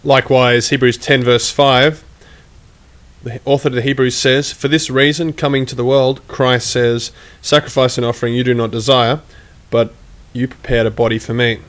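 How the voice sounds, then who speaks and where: A man giving critical commentary, measured and emphatic, reading quotations aloud as he argues. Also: medium pitch, flat delivery, fairly bright tone. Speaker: online commentator.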